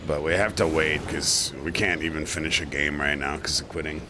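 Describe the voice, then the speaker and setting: A man's voice: extremely low pitch, fairly even intonation, a little fast, noisy background. Blunt, crude-joking male streamer. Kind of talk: casual livestream chat.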